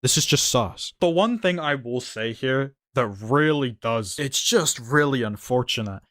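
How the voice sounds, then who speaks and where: A man's voice: mid-range voice, expressive, a little slow, a bit bright, no room sound, clean studio sound. A young man narrating a gameplay review, wry and analytical, building a case step by step. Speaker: video essayist.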